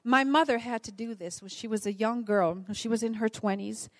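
A woman's voice: on the high side, normal speed, dry recording. A woman born in the Netherlands preaching a sermon, telling stories earnestly and asking her listeners questions.

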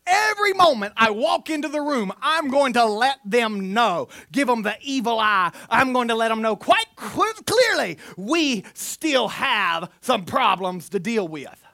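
A preacher giving an animated sermon, telling stories with humor and sometimes slipping into mock voices. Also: mid-range voice, a little slow, few pauses, no room sound, studio quality.

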